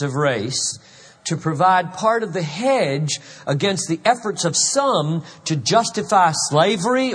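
Pastor, fifties, earnest emphatic sermon, slightly husky, big reverberant hall. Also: male voice, a little high, fairly bright tone. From South Carolina, USA. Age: 50s. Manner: earnest, emphatic preaching with repetitions. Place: large church hall.

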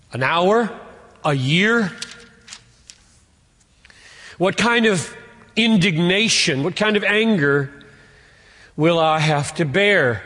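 A man preaching an expository sermon, earnest, building to emphatic peaks and then dropping low. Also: a bit bright, in a large hall. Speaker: pastor.

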